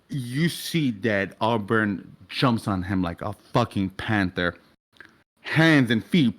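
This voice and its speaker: A man's voice: on the low side, animated, takes it slowly, fairly bright tone. A young adult man narrating a tabletop game as game master, in a vivid, casual way with swearing.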